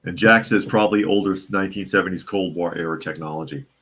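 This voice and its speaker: A man's voice: low-pitched, quick pace, pushed and bright. A man from the Boston area hosting a live talk show, reading viewer comments and answering in a conversational way, often restarting and repeating phrases. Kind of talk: casual opinion talk.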